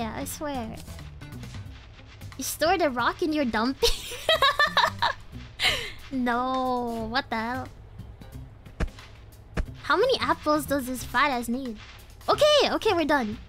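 A woman's voice: sits high, lively intonation, takes it slowly, pauses often, fairly bright tone, faint music behind. A young woman streaming a game live, giggly and playful, with lots of slang, laughing often at what happens on screen.

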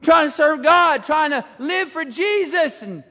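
A man preaching a sermon, animated, shouting some lines and drawing others out slowly. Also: very high voice, long reverb tail. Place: church sanctuary.

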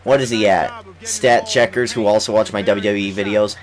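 A gaming YouTuber in his youth narrates a basketball game in loose, lively let's-play style, his voice on the lower side and his speed normal. He trash-talks the on-screen players and coughs occasionally, still shaking off an illness.

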